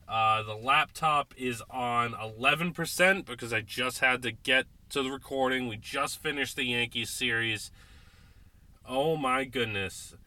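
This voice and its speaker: A tipsy man hosting a casual sports podcast, ranting and swearing in exasperation, with sudden loud outbursts between beers. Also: medium pitch, unhurried. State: drinking beer, tipsy. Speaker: podcast host.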